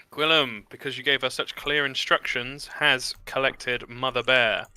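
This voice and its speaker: Bright, crisp game master. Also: male voice, mid-range voice, a little slow, hardly any pauses, dry recording, faint music behind. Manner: lively, upbeat narration with rule explanations. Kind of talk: narrating and running a tabletop game.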